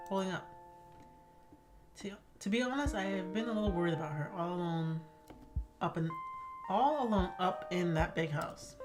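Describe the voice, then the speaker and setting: A chatty small-town woman, voiced by a woman reading a game aloud, neighborly and a bit gossipy. She talks easily to a stranger about her old dog. Game music plays clearly behind. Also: on the low side, lightly acted.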